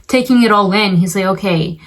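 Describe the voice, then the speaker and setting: A young film commentator talks about a movie in a casual review vlog, chatty and filler-heavy, occasionally acting out what the characters say. Her medium-pitched, fairly bright voice moves at a normal speed on a low-quality recording with a little hiss or hum.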